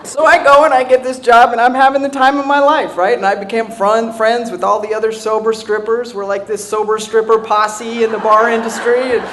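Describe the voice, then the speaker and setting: A woman giving a humorous recovery talk to an audience, animated and self-mocking, laughing often and checking in with "right?". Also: a little high, a little fast, few pauses, slight background noise. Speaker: speaker sharing a recovery story.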